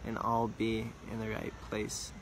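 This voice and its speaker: A man telling a religious story earnestly, repeating words for emphasis and slowing down on details. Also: lowish voice, monotone, background noise.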